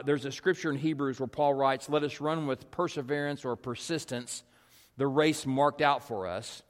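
A male pastor giving a sermon in a relaxed, conversational style at a mid-range pitch. He talks through rhetorical questions and repeated calls, and his voice rings with the long reverb of a big hall. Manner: drops to a soft, slow, hushed delivery.

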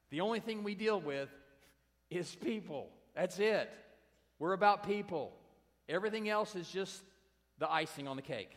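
A male pastor delivering a sermon with a somewhat high-pitched voice. He speaks emphatically and talks straight to the congregation, circling back to his key lines. His voice carries a long reverb in a church sanctuary. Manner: emphatic, repeating key phrases, direct address to congregation.

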